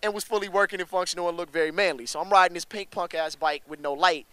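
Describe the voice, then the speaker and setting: A young man, a rapper, telling stories in a casual interview with a slangy, animated manner that jumps up in pitch when he gets excited. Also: fast talker, clean tone, dry recording. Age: young adult.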